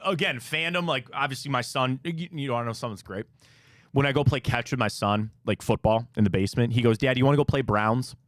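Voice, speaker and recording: A man's voice: medium pitch, fairly quick, no echo, studio quality. A middle-aged man from Ohio with a Cleveland accent, hosting a sports talk show in joking, self-deprecating banter. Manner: animated, jokey, self-deprecating. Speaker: sports radio host.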